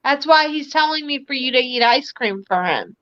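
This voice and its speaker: A high, bright woman's voice chatting through a psychic reading on a live stream, full of "like" and quick asides. The sound is dry and a bit dull, like lo-fi stream audio. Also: expressive, no room sound. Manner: relays spirit messages in a chatty way with many "like" fillers. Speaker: psychic medium and host.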